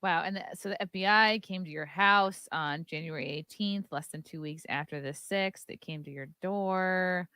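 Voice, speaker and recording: Blunt low-voiced woman podcast host. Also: normal speed, hardly any pauses, pushed and bright, clear, resonant tone, no room sound. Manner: blunt reactive interviewer, swears casually. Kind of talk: casual interview.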